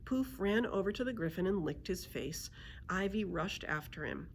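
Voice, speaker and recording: Lady librarian reading a kids book out loud, lowish voice, lots of ups and downs, faint hiss. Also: moderate pace. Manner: expressive storytelling narration. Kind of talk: children's book read-aloud.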